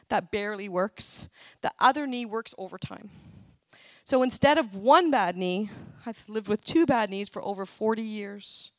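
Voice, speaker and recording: At church, a middle-aged woman with a fairly high voice offers an earnest, emotional personal testimony, tearing up at moments. The recording is dry.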